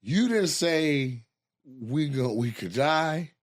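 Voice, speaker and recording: Animated, lively-voiced comedian host. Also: male voice, on the high side, slow, no echo, clean studio sound. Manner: animated, profane, laughing storyteller. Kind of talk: casual chat, comic storytelling.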